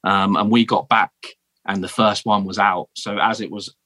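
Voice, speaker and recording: A man's voice: on the low side, little pitch movement, moderate pace, sharp tone. A British man telling his story as a podcast guest, chatty and laid-back, often dropping "man" and "um". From United Kingdom. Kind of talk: casual interview storytelling.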